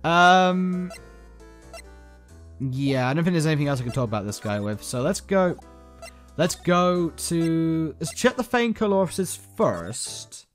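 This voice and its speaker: A gaming YouTuber with a slightly high, sing-song voice casually comments on a game playthrough at an unhurried pace, with faint music behind him. He rambles, reads the game's text aloud and makes fun of himself as he goes.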